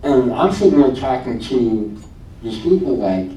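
A man's voice: expressive, a little slow, dark tone. A man in his late twenties casually telling a personal faith testimony, retelling conversations in a chatty way with lots of "I'm like". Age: late 20s. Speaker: speaker sharing a testimony. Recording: echoey room, distant mic, faint low rumble.

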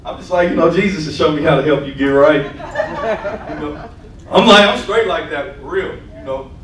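High-voiced preacher in an echoey church. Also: male voice, normal speed, recorded from a distance. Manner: call-and-response asides, repeats "right?". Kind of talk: sermon with personal testimony. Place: church sanctuary.

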